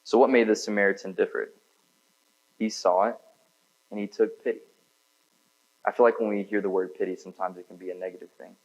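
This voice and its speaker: Low-voiced man preaching casually. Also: steady tone, brisk, long pauses, dull audio. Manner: casual conversational preaching with frequent "like" fillers. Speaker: pastor. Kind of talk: sermon. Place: church.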